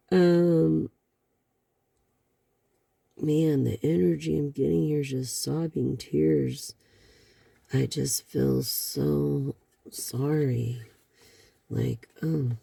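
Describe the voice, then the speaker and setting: Gravelly, slow-talking tarot reader. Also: medium pitch, dark tone, no room sound. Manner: slow, rambling, many fillers and sighs. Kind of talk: tarot card reading to a viewer.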